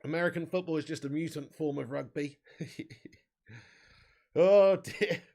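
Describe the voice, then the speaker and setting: Gravelly high-voiced man hosting a football watch-along. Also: fairly quick. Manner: banter with chat, swearing, excited bursts on chances.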